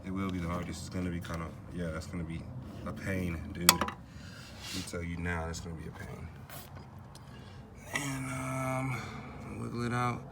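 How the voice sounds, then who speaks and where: A man's voice: low-pitched, steady tone, normal speed, very noisy. A man casually narrating a car repair in a loose, slangy way, thinking aloud as he works. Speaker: DIY car repair vlogger.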